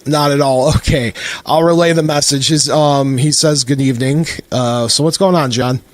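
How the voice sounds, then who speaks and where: A man's voice: medium pitch, moderate pace, no room sound. A man hosting a talk show in a plain way, taking phone calls and passing them on to his guest. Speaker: radio show host.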